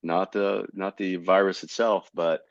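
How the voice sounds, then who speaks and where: A man in his sixties from Florida, a comedian guest telling animated stories in casual conversation. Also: low-pitched, unhurried, vocal fry, dry recording. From Tampa, Florida. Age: 60s. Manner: animated storyteller. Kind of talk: casual storytelling. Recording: dull, slightly lo-fi dry recording.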